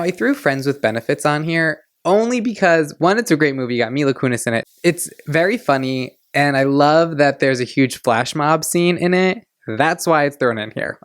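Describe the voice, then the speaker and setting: A man in his twenties hosting a podcast, chatting in a gushing, excitable way. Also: on the high side, moderate pace, hardly any pauses, no echo, clean studio sound. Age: 20s. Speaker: podcast host. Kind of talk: casual chat.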